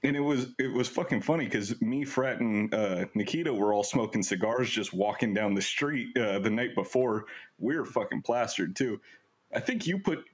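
A man's voice: fairly low pitch, animated, normal speed. A young man hosting a casual podcast chat, telling stories with lots of laughter and swearing. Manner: laughing storyteller, swears freely. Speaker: podcast host.

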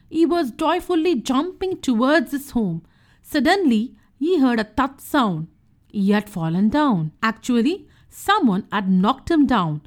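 A woman narrating a children's storybook, reading in a clear, gentle and expressive way. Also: sits high.

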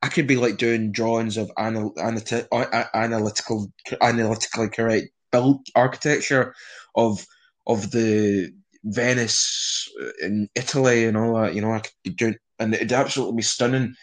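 A man's voice: on the low side, fairly even intonation, moderate pace. A young Scottish man chatting casually in an interview, rambling with frequent restarts and swearing. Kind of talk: casual conversation.

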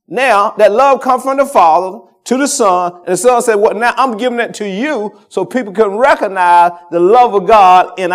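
A man preaching a sermon as senior pastor, with call-and-response lines that build to fervent peaks. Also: sits high.

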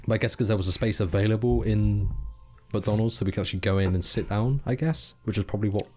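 A man's voice: lowish voice, fast, a little mellow, faint music behind. A young man, co-hosting a podcast in casual chat, rambling and swearing freely as he mimics people. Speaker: podcast co-host.

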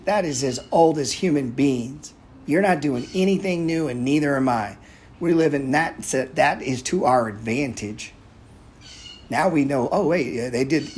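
A man's voice: fairly high pitch, slight background noise. A man hosting a live audio chat room, talking casually in a blunt, profane, rambling way. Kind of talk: casual talk.

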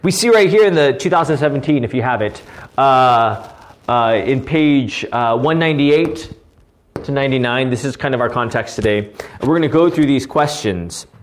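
A man preaching an earnest, animated teaching sermon, often checking in with his listeners by asking "right?". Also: medium pitch, normal speed. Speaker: pastor.

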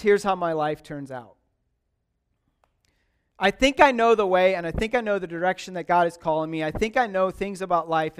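Smooth-voiced man preaching casually. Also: high-pitched. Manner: chatty, with frequent restarts and "like", asks congregants questions by name. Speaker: pastor. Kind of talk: casual conversational sermon.

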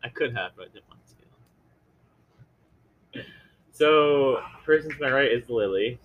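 A young man chatting casually in a group, playful and pausing to think. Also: medium pitch, expressive, phone-quality sound, a little hiss or hum. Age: young adult.

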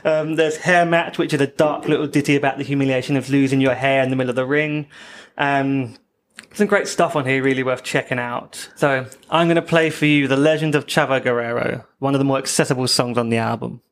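A man's voice: mid-range voice, fairly even intonation, brisk. A man hosting a podcast in casual chat, presenting his picks in an easygoing way with frequent "um"s. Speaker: podcast host.

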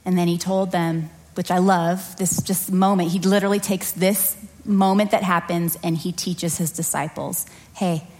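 With a fairly low, darkish voice and fairly even intonation, this woman prays and then preaches at a church service, speaking at a normal speed with hardly any pauses. As a children's or family pastor, she's earnest and chatty and acts out small scenes in her stories.

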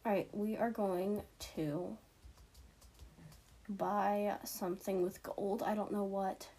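A teenage gaming streamer chats casually through her gameplay, giggling and poking fun at herself. Her voice is medium-pitched, warm, slow, and fairly even, with slight background noise.

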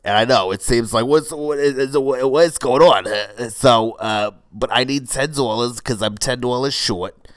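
A man's voice: mid-range voice, measured pace, clear, resonant tone, dry recording, close to an everyday voice. A man improvising as a brash fortyish woman who runs a failing cold-yoga studio, rambling with lots of "uh" and "you know" and talking crudely and matter-of-factly. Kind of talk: improvised comedy monologue.

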